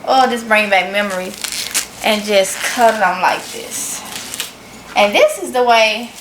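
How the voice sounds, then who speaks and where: A woman's voice: medium pitch, lively intonation, slow, roomy sound, noisy background. A woman with a Mississippi Southern accent, chatting folksily to her viewers in a casual cooking vlog. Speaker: vlogger.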